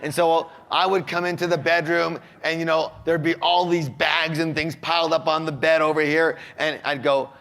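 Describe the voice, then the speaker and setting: A man's voice: a little high, flat delivery, normal speed, gravelly, few pauses, fairly bright tone. A man giving a motivational talk who tells a personal story and poses rhetorical questions to his audience before answering them himself.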